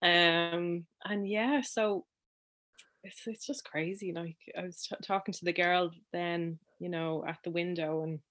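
Woman guest telling her story, kinda low voice, lots of ums and restarts. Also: fairly even intonation, unhurried, fairly bright tone. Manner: chatty, with many ums and restarts. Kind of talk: personal storytelling in conversation.

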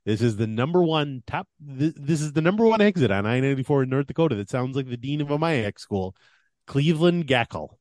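A man's voice: mid-range voice, expressive, fast, hardly any pauses, darkish tone, no room sound. Guy hosting a chatty podcast, fake-serious countdown, keeps laughing, dry close mic. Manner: mock-solemn countdown delivery, laughing at his own bits. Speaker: podcast co-host. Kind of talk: casual comedic podcast chat.

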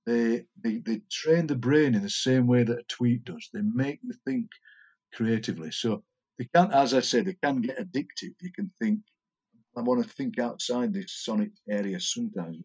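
A man's voice: mid-range voice, expressive, normal speed, darkish tone. An older man, a poet chatting enthusiastically as an interview guest. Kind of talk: casual interview chat.

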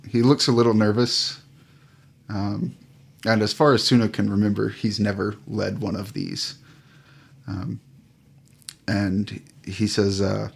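A man narrating a tabletop game as game master, unhurried and halting, with many fillers. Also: lowish voice, flat delivery, gravelly, husky.

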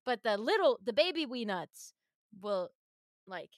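A woman co-hosting a casual podcast, retelling a game event in an animated way and laughing often. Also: on the high side, unhurried, dry recording, studio quality. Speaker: podcast co-host. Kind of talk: casual podcast chat about a video game.

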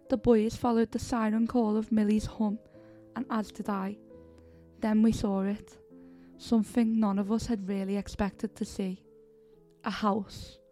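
A woman hosting a podcast, narrating a horror story in a steady, measured way. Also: medium pitch, faint music behind. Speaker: podcast host and story reader.

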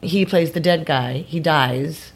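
A woman telling a long anecdote as a podcast guest, acting out the people in it with quick changes of voice. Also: low voice. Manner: animated, acts out the voices in her stories. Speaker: guest performer.

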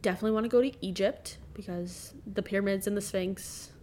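A woman's voice: mid-range voice, fairly even intonation, brisk, darkish tone, slight background noise. Young woman with dry, exasperated reactions. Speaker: podcast co-host and student. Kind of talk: casual chat.

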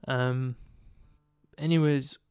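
A man telling a film story in a casual, animated monologue, swearing freely and digressing. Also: mid-range voice, very slow, smooth, dry recording.

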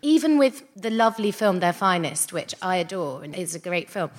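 A woman's voice: lowish voice, sing-song, moderate pace. A woman actress, a guest on a live comedy podcast, speaking earnestly and reflectively with laughing asides.

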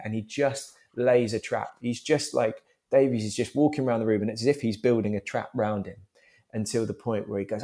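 Man, stage actor, lowish voice, rambling and eager, laughs often. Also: steady tone, fairly quick, mellow. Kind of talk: interview talk.

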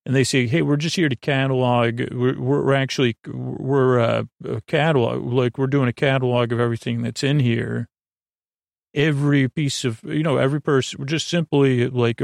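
A man hosting a sleep podcast, giving a soft-spoken, meandering recap of an episode with many filler words. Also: mid-range voice, fairly even intonation, moderate pace, vocal fry, no room sound, studio quality.

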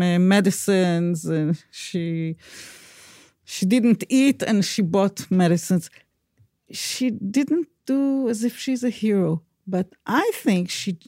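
A woman guest on a podcast, answering in measured, thoughtful short phrases. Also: medium pitch, warm tone, no room sound, studio quality. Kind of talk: conversational interview answers.

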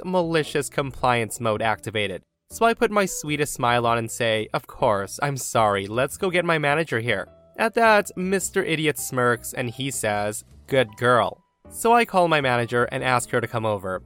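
An upbeat male podcast host reads forum stories aloud and chats with his listeners between them. His delivery is friendly and lively, with faint music underneath. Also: mid-range voice, normal speed, hardly any pauses, clean tone. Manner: upbeat, chatty, often addresses listeners as guys. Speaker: podcast host and story narrator.

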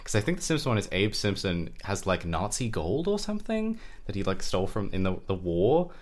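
A woman with a strikingly deep, low voice chats casually with her co-host. Her pitch swings widely as she teases and drifts into tangents, in an easy, playful podcast manner. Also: big pitch swings, a little fast, darkish tone. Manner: playful, teasing, goes off on tangents. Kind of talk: casual worldbuilding chat.

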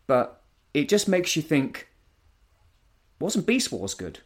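A man's voice: a little high, wildly swooping pitch, slow pace. A man in casual conversation, talking bluntly and firmly about what he dislikes. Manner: blunt, opinionated, argumentative. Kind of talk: casual chat.

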